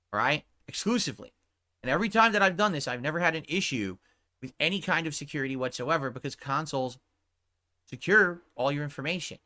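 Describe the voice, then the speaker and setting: A man's voice: fairly high pitch, pushed and bright. A male streamer on a heated, profane rant who keeps checking his point with 'right?'. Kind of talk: angry livestream rant.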